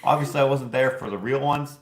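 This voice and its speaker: A man's voice: mid-range voice, fairly quick. A man hosting a casual chat, telling rambling stories and laughing at his own jokes. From Canada. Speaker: show host. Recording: echoey room.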